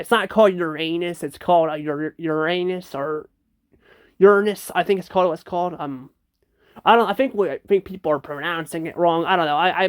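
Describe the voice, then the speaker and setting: A man's voice: high voice, smooth. A young man casually ranking children's learning games, hesitant and unsure, with frequent ums and restarts. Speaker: creator ranking educational games. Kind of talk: casual commentary.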